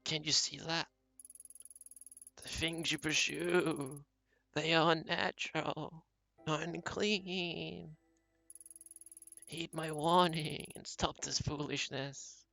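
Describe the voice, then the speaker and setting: A man doing a creaky, frightened old grandma. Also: a little high, fairly even intonation, sharp tone, dry recording, exaggerated voice. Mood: warning. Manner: slow, creaky, quavering pleading. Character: frail fearful grandmother, pleading and superstitious. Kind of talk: reading game dialogue aloud.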